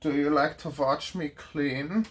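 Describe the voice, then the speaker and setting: A man's voice: on the high side, takes it slowly. A man putting on a German accent to play a smug, drawling character. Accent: put-on German.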